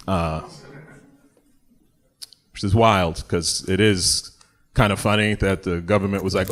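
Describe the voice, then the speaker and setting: A man's voice: deep voice, steady tone, takes it slowly, pauses often. A man performing a stand-up comedy set on a club stage into a handheld mic, riffing in a loose, conversational way with asides to the crowd. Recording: live club with loud audience.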